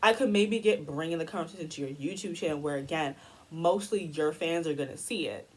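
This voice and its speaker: A woman's voice: low-pitched, brisk, slight background noise, low-quality recording. A young woman ranting heatedly in a commentary video, profane and exasperated. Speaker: commentary YouTuber.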